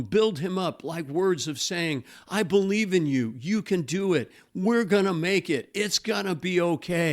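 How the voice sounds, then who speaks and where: A middle-aged man with a slightly raised pitch gives a scripted talk as a pastor and marriage coach. He speaks in a measured way, slowing down to stress key points. He often quotes scripture and sample phrases.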